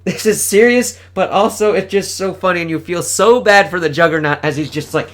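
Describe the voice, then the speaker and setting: A man's voice: high voice, fairly quick, fairly bright tone. A man casually reviewing a comic book, enthusiastic and swearing often as he reads panel dialogue aloud.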